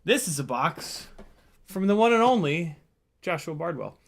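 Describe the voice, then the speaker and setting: Excitable man hosting a drone stream. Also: on the high side, measured pace, vocal fry. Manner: excitable, exclaiming and swearing while flying; jokey, laughs often. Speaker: FPV drone pilot and live stream host. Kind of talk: casual live stream commentary.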